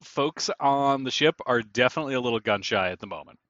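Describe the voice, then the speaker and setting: A man narrating as game master of a tabletop game, explaining calmly with many filler sounds. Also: mid-range voice, quick pace, no room sound, lo-fi sound.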